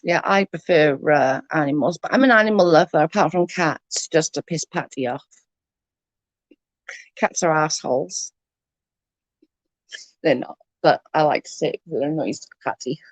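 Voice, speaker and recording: A woman's voice: low voice, a little fast, few pauses, no room sound. A woman chatting casually on a livestream, rambling and swearing freely while answering comments. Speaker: livestream host.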